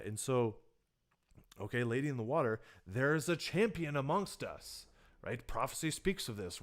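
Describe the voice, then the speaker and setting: Lively man teaching horror game writing. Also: medium pitch. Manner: animated, often acting out players' reactions; loose and conversational, with many fillers and restarts. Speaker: tabletop game design teacher. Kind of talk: livestreamed workshop talk.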